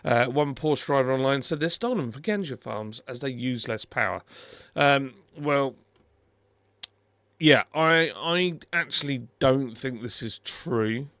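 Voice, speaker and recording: A man's voice: medium pitch, a little slow, fairly bright tone, no echo. A middle-aged British man hosting a car video, chatting casually and wryly over a screen recording, with many fillers and restarts.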